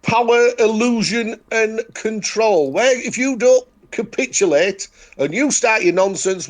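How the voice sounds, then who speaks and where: Yorkshire guy, pretty high voice, blunt and emphatic, keeps hammering his points. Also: expressive, measured pace. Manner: emphatic, repetitive, declaring. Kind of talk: casual chat.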